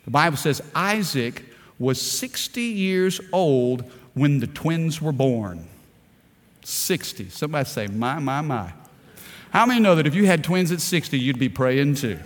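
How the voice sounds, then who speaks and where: A male pastor preaches with fervor, stacking rhetorical questions and repeating words as he drives his points home. His voice sits high, and it rings out in a large hall with a long reverb tail. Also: animated, a little slow. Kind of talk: sermon.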